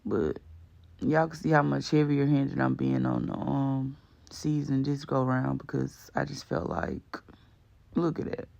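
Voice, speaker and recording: Guy doing a rambly slangy cooking voiceover, kinda gravelly, mid pitch. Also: level tone, unhurried, a little mellow. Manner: chatty, slangy, rambling with fillers. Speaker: cooking vlog host. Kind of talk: casual voice-over narration.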